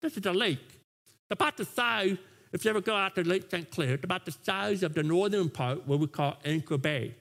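Brief: male pastor, lively sermon voice, high and swooping, stumbles into quick restarts. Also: gravelly. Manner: animated, stammering restarts.

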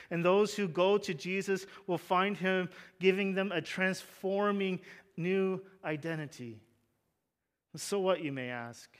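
A young adult man preaching a sermon, conversational, with joking asides and fervent emphasis on key points. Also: fairly high pitch. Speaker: pastor.

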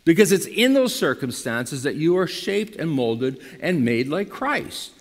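A man preaching a sermon to his congregation in lively style, now and then rising to loud emphatic bursts. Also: on the high side, unhurried, long reverb tail. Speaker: pastor.

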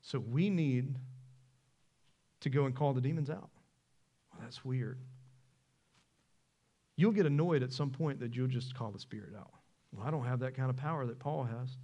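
A man, preaching a sermon in a church, animated and conversational, asking the congregation questions. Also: mid-range voice, a little fast, long pauses, highs cut off. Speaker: pastor. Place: church sanctuary.

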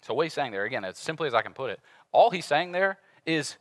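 A man in his thirties preaching a conversational sermon as a pastor, animated and acting out everyday voices. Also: fairly high pitch, fast. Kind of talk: casual sermon.

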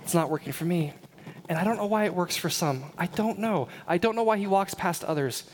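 Man, pastor, high voice, sermon storytelling, hushed then loud, faint background noise. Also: a little fast. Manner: animated, swings between hushed retelling and loud exclamations. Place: church service.

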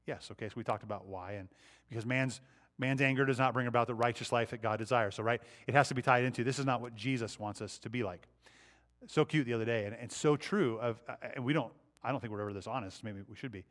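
A man's voice: mid-range voice, fast, a bit bright. Conversational man leading a Bible study. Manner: conversational, poses questions to the group. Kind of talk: interactive Bible teaching.

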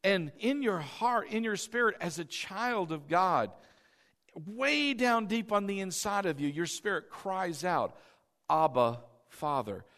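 A man's voice: high voice, animated, a little slow, a bit bright, long reverb tail. A male pastor preaching a sermon in a conversational, emphatic way, often checking in with the congregation and repeating key phrases.

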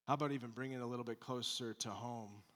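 A male pastor delivering a sermon, moving between loud emphatic points and quiet, mocking asides. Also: medium pitch, fairly even intonation, quick pace, in a large hall.

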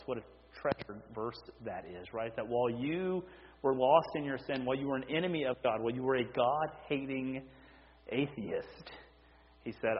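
A male pastor preaching a sermon in an animated, conversational way, often tagging his sentences with "right?" to check in with his listeners. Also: mid-range voice, unhurried. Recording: dull lo-fi recording in a reverberant hall.

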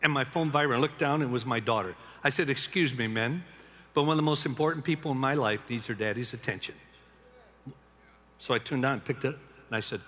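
An older man telling stories in a sermon to a large gathering of men, swinging between hushed tenderness and loud emphasis. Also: mid-range voice, fairly quick. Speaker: speaker to a men's gathering. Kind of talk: sermon-style storytelling talk. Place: large arena or stadium. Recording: long hall reverb.

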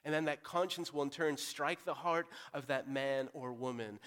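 Pastor, male, higher-pitched voice, earnest and direct sermon delivery, rises and falls in volume. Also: normal speed, hardly any pauses. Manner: earnest, direct, swings between loud urging and quiet appeal.

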